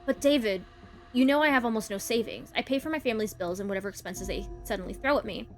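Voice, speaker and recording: A woman's voice: on the high side, fast, soft background music, lightly acted. A woman reading aloud the part of a young woman, a hurt girlfriend who pleads and defends herself. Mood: pleading. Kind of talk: reading a visual novel aloud.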